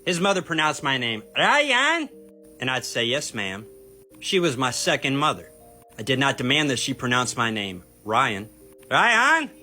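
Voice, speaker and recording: A man's voice: mid-range voice, normal speed, pushed and bright, soft background music. A man explaining a point to his viewers in an emphatic, argumentative way, talking straight to them. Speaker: video teacher on Bible topics. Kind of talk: explanatory commentary video.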